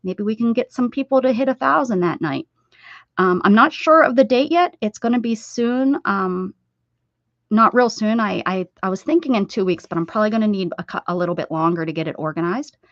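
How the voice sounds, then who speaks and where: A woman hosting a casual craft livestream, rambling and chatting warmly with viewers as she sews. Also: medium pitch, animated, a little fast, no room sound. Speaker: livestream host. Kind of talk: casual livestream chat while sewing. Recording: dull, dry lo-fi sound.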